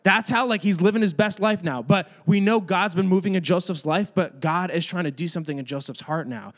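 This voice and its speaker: A man leads an easygoing Bible lesson for a room of children, talking right to them as their youth or kids' ministry teacher. He speaks briskly in a voice that sits high.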